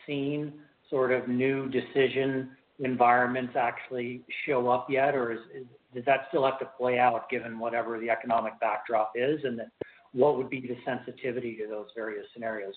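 A man as an analyst on an earnings call, asking long rambling questions. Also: medium pitch. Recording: tinny phone line.

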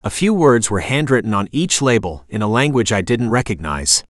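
A man narrating a first-person story in a steady, even storytelling manner, recorded on a close studio mic. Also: on the low side, normal speed, no room sound. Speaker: audiobook narrator.

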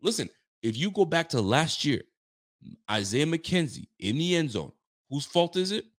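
A man's voice: fairly high pitch, big pitch swings, normal speed. A man hosting a late-night post-game reaction livestream, ranting emphatically and answering viewer messages. He is fired up but keeps his volume down. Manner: holding volume down while fired up; reads viewer messages aloud and answers them. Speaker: sports fan show host.

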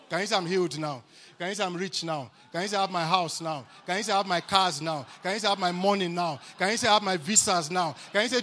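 A man with a Nigerian accent preaching a sermon at a church camp meeting, exuberant and calling for responses, at times rising to shouts. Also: sits high. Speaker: guest preacher.

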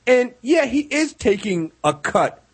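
Husky high-voiced guy on a podcast, voice jumps around a lot, rambly, swears, keeps restarting. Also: very animated. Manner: rambling, halting restarts, profane. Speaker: podcast co-host. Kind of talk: casual chat.

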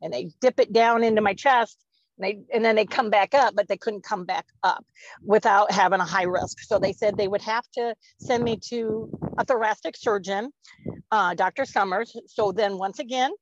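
A woman's voice: mid-range voice, normal speed, dry recording, muffled recording. A woman in her forties in casual podcast chat, rambling and laughing often as she talks. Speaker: podcast co-host.

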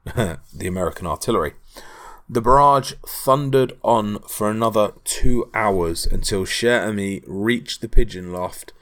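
Man, podcast host, low voice, casual history storytelling, lots of ums, chatty asides. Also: a bit bright. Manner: frequent ums, conversational asides to the listener.

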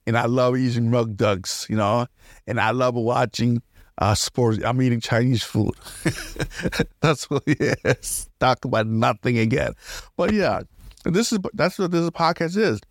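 A man's voice: mid-range voice, unhurried, no room sound. Rambling man on a dry podcast mic. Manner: rambling, laughs often, restarts a lot. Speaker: podcast host. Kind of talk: casual solo podcast rambling.

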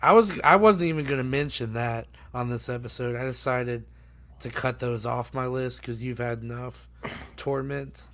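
A man's voice: mid-range voice, moderate pace, a bit bright. A man co-hosting a casual podcast, teasing his friend in a laid-back way. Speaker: podcast co-host. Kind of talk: casual chat.

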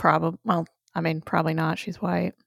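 A woman's voice: sits low, little pitch movement, a little fast, creaky, fairly bright tone, no room sound, clean studio sound. A woman co-hosting a podcast, chatting casually and reacting to her co-host's recap. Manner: reacts with short agreements and laughs. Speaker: podcast co-host. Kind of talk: casual chat.

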